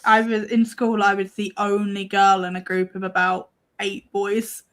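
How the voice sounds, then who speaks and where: A woman's voice: mid-range voice, monotone, moderate pace. A woman co-hosting a casual live-stream chat, explaining her views plainly and thoughtfully. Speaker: co-host.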